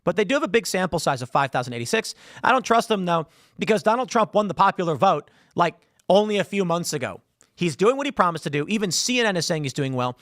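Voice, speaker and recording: A man hosts a live political stream in a sarcastic, mocking tone. His voice sits a little high and swings widely in pitch. The sound is close and dry, with almost no room around it. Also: lively intonation, fast, fairly bright tone, no room sound. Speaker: political show host. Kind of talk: opinionated live-stream commentary.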